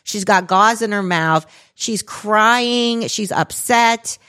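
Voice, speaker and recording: A woman's voice: slow pace, smooth. A woman in her forties, a podcast co-host, telling a story in casual chat and acting out the quotes. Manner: animated, acts out quotes with big pitch jumps.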